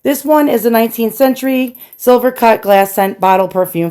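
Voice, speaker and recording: Chatty New York woman, slightly high voice. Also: normal speed, warm tone, clear, resonant tone. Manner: chatty and self-deprecating, addresses viewers as boys and girls. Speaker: antiques collector and channel host. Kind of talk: casual show-and-tell vlog.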